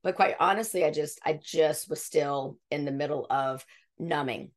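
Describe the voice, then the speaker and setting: A woman's voice: low-pitched, normal speed. A woman in her fifties, a podcast guest telling her story in an earnest, rambling way, often restarting her sentences. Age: 50s. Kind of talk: conversational interview storytelling.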